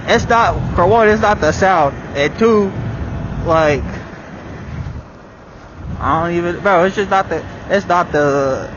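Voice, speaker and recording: A young man with a slightly high voice chats loosely as he rides a dirt bike on country roads, peppering every sentence with bro, dude and swear words. His clip-on mic sounds muffled and lo-fi, and loud wind and road noise rush underneath his voice. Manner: slangy, swears often, says bro and dude. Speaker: vlogger. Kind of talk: casual riding vlog chat. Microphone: small wireless clip-on mic.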